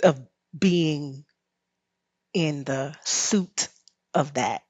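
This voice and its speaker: A woman's voice: low-pitched, very slow, breathy edge, no room sound. A woman with a Southern US drawl, a rest teacher and podcast guest, talking in a reflective, guiding way and laughing often. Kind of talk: podcast conversation.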